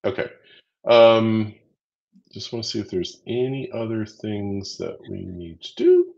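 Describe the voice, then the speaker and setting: An upbeat, chatty man co-hosts a live training stream, counting down quiz answers and cheering viewers on. His voice sits on the low side. The audio is dull and lo-fi. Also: a little slow, creaky, darkish tone. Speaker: livestream co-host running a quiz. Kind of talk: casual livestream teaching.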